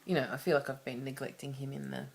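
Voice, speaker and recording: An Australian woman speaks into the camera in a low voice, sharing personal matters in a confessional vlog. She rambles candidly and often restarts her sentences, circling back with asides as she goes. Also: fairly even intonation, quick pace, darkish tone. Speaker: vlogger.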